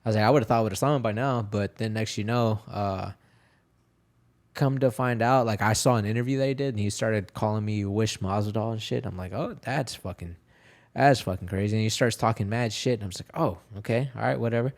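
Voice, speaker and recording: A young man telling fight stories as a podcast guest, casual, profane and animated, acting out the quotes. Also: fairly low pitch, a little fast. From Texas, USA. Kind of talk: casual storytelling interview.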